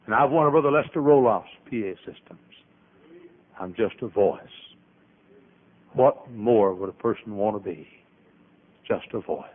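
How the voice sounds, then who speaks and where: An older man preaching a sermon as pastor, emphatic, with sudden loud rises and trailing, dropped endings. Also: fairly low pitch, lively intonation, measured pace, long pauses. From American. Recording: tinny phone-like archival audio.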